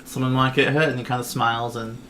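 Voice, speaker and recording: A man's voice: mid-range voice, quick pace, a little hiss or hum. Man, game master, casual descriptive narration, filler words, mid-range voice. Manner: relaxed, descriptive, many fillers. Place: home, online stream.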